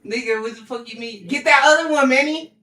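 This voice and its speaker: Brief: young male gamer, high voice, loud and swearing, echoey room. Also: a little fast. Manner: loud, excitable, swears a lot. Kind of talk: excited gaming chat.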